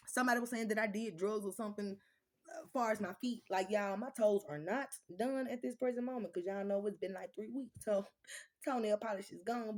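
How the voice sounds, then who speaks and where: An animated woman talks straight to her viewers. Her delivery is blunt, profane and lively, swinging her voice up and down as she tells her stories. She speaks at a mid pitch in an easy, casual vlog chat. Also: fairly quick. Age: adult with children. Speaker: vlogger.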